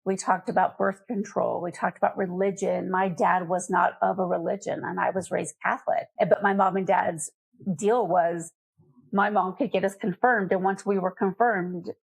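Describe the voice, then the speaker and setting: Gravelly middle-aged woman telling stories. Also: on the low side, normal speed. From Colorado, USA. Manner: candid, lively anecdotes with laughter. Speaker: guest, nonprofit foundation CEO. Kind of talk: conversational storytelling.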